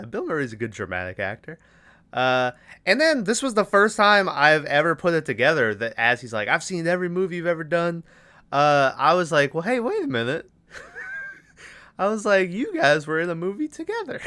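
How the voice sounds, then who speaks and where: A man's voice: fairly high pitch, sharp tone, dry recording. A young man hosting a podcast, casually retelling a movie scene by scene with loose quoted lines and laughter. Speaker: podcast host. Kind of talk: casual movie recap chat.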